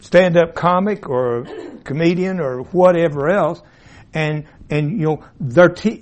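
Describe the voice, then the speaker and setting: Guy teaching bible class, kinda high voice, folksy, rambles and backtracks. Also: darkish tone. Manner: rambling, folksy, asides and self-interruptions. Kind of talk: informal classroom lecture. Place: classroom with a board. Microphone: room mic, at times turned away.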